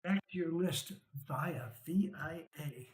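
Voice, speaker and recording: Here the stock show host talks slowly in a fairly high pitch, casually guiding listeners through charts. Wry chuckles and frequent "right?" and "okay?" check-ins punctuate his conversational delivery, and the sound is roomy and rough.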